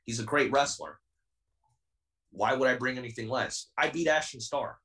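A man's voice: medium pitch, moderate pace, sharp tone, recorded from a distance, rough recording. A young man in his twenties, a pro wrestler being interviewed on a podcast, talking in a heated, defiant and intense way. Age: 20s.

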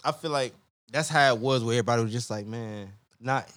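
A man's voice: medium pitch, a little fast, a bit bright, no echo, studio quality. A man guesting on a casual podcast, telling loose, profane stories full of quoted asides. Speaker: guest musician.

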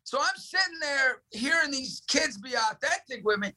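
Male evangelist guest, fiery and emphatic, bright forceful tone. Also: very high-pitched, lively intonation, moderate pace, poor audio. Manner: impassioned, emphatic, repetitive punchy phrases. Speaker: ministry director, guest. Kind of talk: fervent preaching-style talk.

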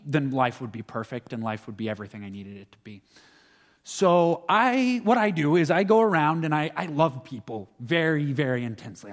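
A young man, a student, giving an earnest, reflective personal testimony and often stumbling over his words. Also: on the high side. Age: young adult. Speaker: student speaker sharing faith. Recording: long reverb of a hall.

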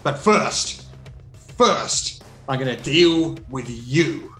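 A woman's voice: extremely low pitch, expressive, very slow, fairly bright tone, heavily acted. A man voicing a harsh, boastful female villain duchess with an edge to her voice in a tabletop game. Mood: vengeful. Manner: taunting, grandiose boasting. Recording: roomy echo, faint music.

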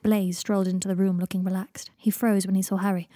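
Woman narrator, husky, dark and mellow, dry close sound, measured story reading. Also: mid-range voice, level tone, dry recording. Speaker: audiobook reader. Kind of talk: fan fiction audiobook narration.

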